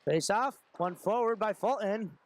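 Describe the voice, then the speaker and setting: A young man giving fast running play-by-play of a hockey game, shouting when shots and goals come. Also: sits high. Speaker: play-by-play commentator. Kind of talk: amateur hockey play-by-play commentary.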